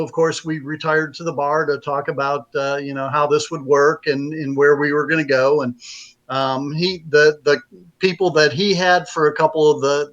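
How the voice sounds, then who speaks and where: A man's voice: a little high, a bit bright. Rambling man telling a story. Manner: rambling, many fillers and restarts. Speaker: publisher and author. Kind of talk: casual interview storytelling.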